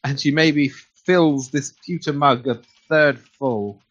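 A man's voice: mid-range voice, takes it slowly, fairly bright tone. A man narrating a tabletop game as game master, playful and loose, with fillers. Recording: dull lo-fi recording.

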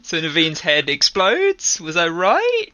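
A man playing in an online tabletop game, giggly and excitable. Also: on the high side, slow pace, no echo, studio quality. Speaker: player. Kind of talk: casual banter at a tabletop game.

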